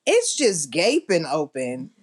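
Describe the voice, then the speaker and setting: A woman's voice: low voice, wildly swooping pitch, takes it slowly. A woman chatting casually on a podcast, blunt and exclamatory. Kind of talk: casual chat.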